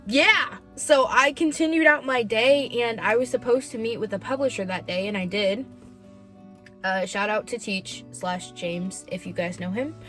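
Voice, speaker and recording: A woman's voice: a little high, moderate pace, fairly bright tone, faint music behind. A young woman hosting her own vlog, talking candidly and emotionally about her life, with lots of "like". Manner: emotional, candid, heavy use of "like". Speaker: podcast host. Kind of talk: personal confessional vlog.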